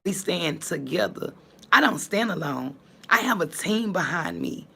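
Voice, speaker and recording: Woman vlogger, blunt and fiery, very gravelly, animated pitch. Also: measured pace. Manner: blunt and fiery, cursing, swinging between calm and heated. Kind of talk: casual talk to viewers.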